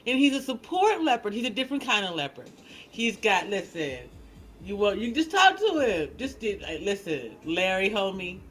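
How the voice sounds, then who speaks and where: A woman hosting a casual livestream. She chats in an animated, teasing way, laughs often, and restarts her sentences a lot. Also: mid-range voice, normal speed, slightly rough, poor audio. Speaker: livestream host.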